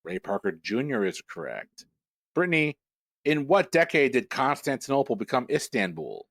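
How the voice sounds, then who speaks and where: A man in a mid-range voice runs a trivia quiz. He reads each question briskly and matter-of-factly, then jokes with the contestants, all on a dry recording with no room sound. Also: medium pitch, big pitch swings, fairly bright tone, dry recording. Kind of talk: reading quiz questions, casual banter.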